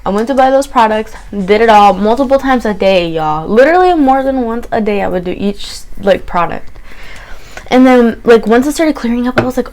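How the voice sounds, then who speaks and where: A woman's voice: fairly high pitch, normal speed. A young woman chatting to camera in a candid story-time vlog, swearing freely and acting out her own reactions. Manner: chatty, candid, swears freely, quotes herself in lively asides. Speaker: beauty vlogger.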